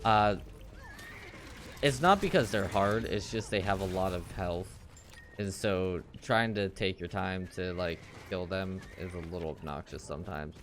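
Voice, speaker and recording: Over soft background music, a man plays a game and comments on it in an unhurried, rambling, offhand way, slipping into silly high voices for the characters. His tone is fairly bright.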